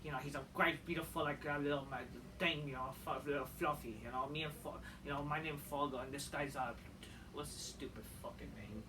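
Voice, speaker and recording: A speaker putting on a low, mumbling voice to mock a crude, rambling male wrestler. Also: steady tone, natural voice. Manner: mumbling, halting, full of fillers. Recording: distant mic with faint noise.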